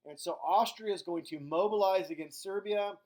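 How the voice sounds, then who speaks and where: In this recorded history lecture, a middle-aged man speaks in a high-pitched, somewhat mellow voice. His teaching is casual and full of jokes, with countries brought to life in fast, silly voices.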